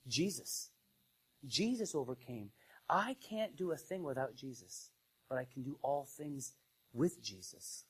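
Man, pastor, sermon, conversational, loud bursts and soft asides. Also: medium pitch, sing-song, unhurried, long pauses, slightly rough, poor audio. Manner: conversational preaching, swings from loud emphasis to hushed asides.

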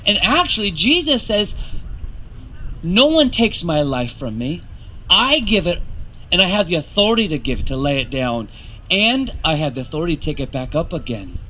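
Bright high-voiced male preacher. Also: sing-song, moderate pace, slight background noise, rough recording. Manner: earnest, rising to emphatic questions. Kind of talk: sermon.

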